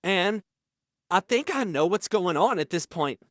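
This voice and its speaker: A man telling a deadpan comic prison story in a halting, stammering, self-pitying way. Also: high voice, no echo, clean studio sound. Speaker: parody interviewee.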